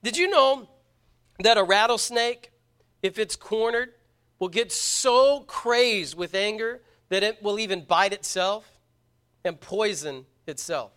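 A man's voice: high voice, slow pace, sharp tone, smooth. A man preaching a sermon to a congregation, earnest and emphatic, often repeating words for stress. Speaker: pastor.

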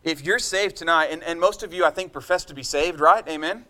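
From the pulpit, a man with a noticeably high voice preaches a sermon in an impassioned, emphatic way, turning to his congregation for a response. He speaks a little fast, with a bright, forceful tone.

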